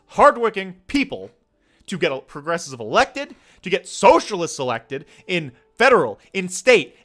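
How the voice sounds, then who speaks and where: A man's voice: high-pitched, pushed and bright. A man in his twenties ranting about politics, heated and swearing, sometimes dropping into a weary plea. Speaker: streamer. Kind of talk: political rant.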